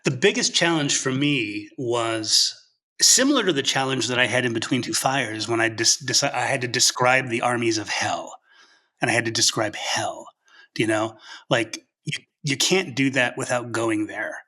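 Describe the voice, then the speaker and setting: A man talks as a guest novelist in a casual interview, earnest and passionate. He thinks aloud as he goes. His voice is husky and bright. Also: medium pitch, moderate pace.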